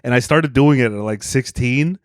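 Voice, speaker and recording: A man's voice: medium pitch, moderate pace, dry recording. Young man with a dry, wry delivery. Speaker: podcast co-host. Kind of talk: casual comedic banter.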